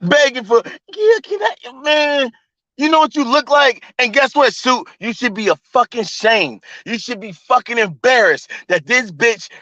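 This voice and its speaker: Dull, lo-fi stream audio carries a man's extremely high, bright, forceful voice, with no room sound. He's the host of a livestream, heatedly ranting in a profane, fast-talking, mocking manner.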